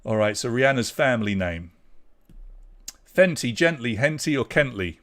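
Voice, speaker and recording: A man's voice: medium pitch, animated, normal speed, fairly bright tone. A man running an online pub quiz, reading out questions and leaderboard standings. He talks casually and fills the gaps with chatty jokes and asides. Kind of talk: live quiz hosting, casual chat.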